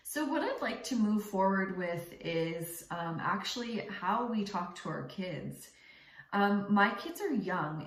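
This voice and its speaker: Young woman, mother, earnest and direct advice, lower pitch, echoey room. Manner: earnest, direct, with many fillers and restarts. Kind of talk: casual talk to camera.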